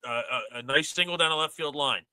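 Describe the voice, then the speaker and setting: Guy hosting a sports podcast, ranting, kinda high voice, dead dry recording. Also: fast, clean tone, no echo, poor audio. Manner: animated, exasperated ranting. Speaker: podcast host. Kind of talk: casual sports chat.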